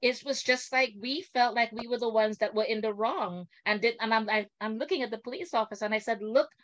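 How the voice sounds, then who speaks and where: A woman's voice: a little high, fast. Older woman telling an indignant story. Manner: animated, indignant storytelling, acting out quotes. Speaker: guest. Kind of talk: video call conversation. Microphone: video call.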